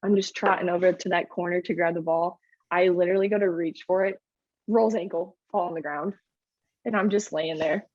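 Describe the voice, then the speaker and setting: A young woman, a basketball coach co-hosting a podcast, telling stories in a relaxed, laid-back way. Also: lowish voice, brisk, no echo. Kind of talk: casual chat. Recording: dull, lo-fi sound.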